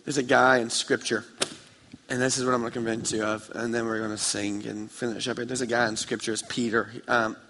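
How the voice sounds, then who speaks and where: A man preaching a sermon with passion, moving between quiet, intimate passages and loud, fervent ones as he tells a story. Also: medium pitch, flat delivery, fairly quick, slight background noise. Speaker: pastor. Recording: reverberant hall.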